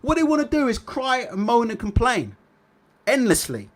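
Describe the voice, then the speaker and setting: A man hosting a casual livestream, reading viewer comments aloud and chatting about them in an animated way. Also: extremely high pitch, moderate pace. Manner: animated, repeats tag questions. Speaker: boxing livestream host.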